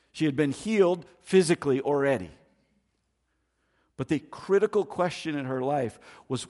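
Husky guy preaching a sermon, gets loud then drops way down low. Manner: dynamic preaching, swinging between loud emphasis and hushed, low asides. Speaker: pastor.

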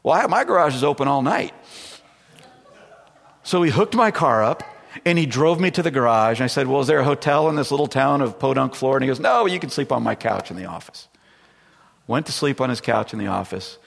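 Gravelly-voiced preacher in a reverberant hall. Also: male voice, mid-range voice, lively intonation, brisk. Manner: conversational storytelling, acts out quoted voices. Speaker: pastor. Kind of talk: sermon with personal story. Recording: long reverb from a large room.

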